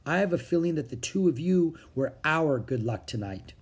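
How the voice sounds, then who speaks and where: A man puts on a soft, polite young girl for a storybook, raising his voice into a gentle, higher register. She sounds well-mannered, with a husky grain and a lively lilt. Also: moderate pace. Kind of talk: storybook reading.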